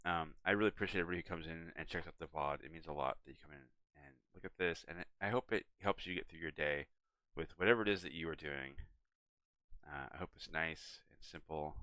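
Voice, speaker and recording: A young man streaming a game, chatting to viewers in a relaxed, rambling way and yawning now and then. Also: rumbling low, quick pace, dry recording. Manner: relaxed, rambling, talks to chat and his cat. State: yawning, tired. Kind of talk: casual live-stream chat.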